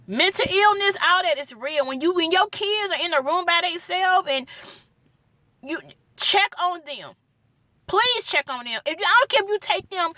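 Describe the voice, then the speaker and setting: A young woman with a high, bright voice pours out her personal testimony in a dry, close recording. She pleads with her listeners and repeats her words for emphasis. At times she sounds tearful. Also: no room sound. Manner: pleading, repeats phrases for emphasis, Southern Black church cadence. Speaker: gospel singer sharing her testimony.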